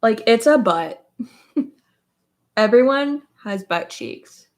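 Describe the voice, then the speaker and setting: A woman's voice: fairly high pitch, expressive, very slow. A woman livestreaming as a beauty creator, chatting casually while she does her makeup, rambling with lots of filler words.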